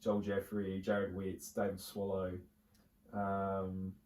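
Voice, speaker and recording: Aussie guy rambling thru a story, lots of ums, lowish voice, mic a bit far off. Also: monotone, slow, darkish tone, slight background noise. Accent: Australian. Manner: rambling storyteller, many fillers and restarts. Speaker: podcast co-host. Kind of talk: casual chat. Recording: roomy, distant mic.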